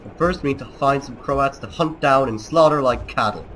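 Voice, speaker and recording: A man's voice: medium pitch, normal speed, a bit bright, slight background noise. A man with a put-on Serbian accent, a let's play host giving mock-solemn, declamatory gameplay commentary.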